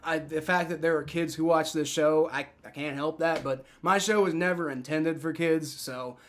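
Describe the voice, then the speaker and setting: A young man hosting a live football reaction stream, swearing and shouting in outrage at the referees, then talking casually to his chat. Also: a little high, fairly even intonation, normal speed. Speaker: livestream football reaction host. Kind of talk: live sports reaction commentary.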